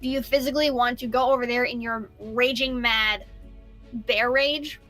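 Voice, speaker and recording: High bright young woman game master. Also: normal speed, soft background music. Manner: lively, playful, acts out characters. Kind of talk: narrating a tabletop game.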